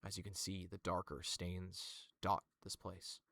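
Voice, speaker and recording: Slow, deep-voiced male game master. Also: monotone, gravelly, bright, forceful tone, no room sound. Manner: descriptive, hedging with fillers. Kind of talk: narrating a tabletop game.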